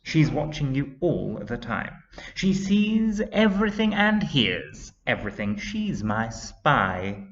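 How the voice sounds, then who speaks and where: A man voicing a firm, mysterious young woman teacher with a quiet but theatrical delivery, on a dull lo-fi recording. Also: medium pitch, big pitch swings, takes it slowly, pitched above the performer's own voice, exaggerated voice. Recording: dull lo-fi sound.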